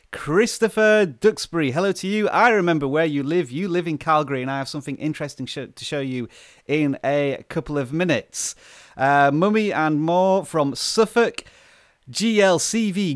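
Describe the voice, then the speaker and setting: A chatty man from the UK hosts a relaxed live stream, reading out viewers' names in a slightly high voice. He sits close to the microphone in a dry, dead room. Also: no echo. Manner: chatty, greets viewers by name. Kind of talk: casual live stream chat. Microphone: close desk microphone.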